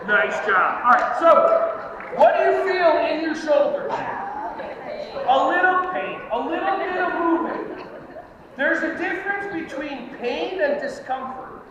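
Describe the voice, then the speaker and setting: A man leading a live fitness workshop for teachers, energetic and joking as he coaches the group through movements. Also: very high voice, normal speed, crowd noise. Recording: echoey hall, distant lo-fi mic, noisy.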